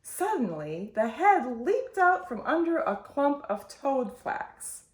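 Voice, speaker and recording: Slow, expressive woman reading a picture book. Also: high-pitched. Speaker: storytime host. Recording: roomy echo.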